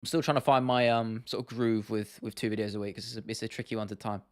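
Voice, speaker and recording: A man's voice: lowish voice, fast talker, no echo. Casual guy hosting a livestream, loose chatty delivery, clean and close. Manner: relaxed, chatty, answers chat questions with laughs. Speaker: livestream host.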